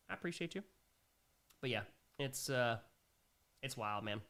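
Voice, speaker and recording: A man's voice: on the high side, lively intonation, normal speed, bright, forceful tone. A young man hosting a casual livestream Q&A, reading viewer messages aloud and reacting emphatically. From New York. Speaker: livestream host.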